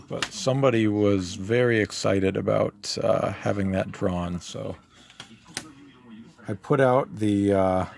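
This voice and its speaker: Low, gravelly-voiced man chatting while he draws. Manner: relaxed, rambling, many fillers. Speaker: artist streaming a live drawing session. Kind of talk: casual chat while drawing.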